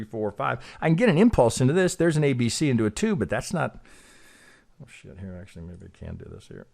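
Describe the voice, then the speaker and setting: A middle-aged man talks his way through a price chart, stopping and starting and asking himself questions as he works. His pitch sits in an ordinary middle range, and he turns often to check with the listener. The tone is an unscripted, thinking-aloud lesson. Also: creaky, darkish tone. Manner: hesitant, self-questioning, repeats words. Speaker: trading educator.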